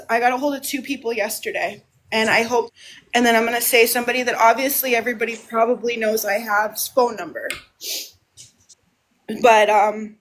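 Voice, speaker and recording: Woman on a home livestream; somewhat high pitch, rambling, restarts phrases often. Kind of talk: casual live monologue.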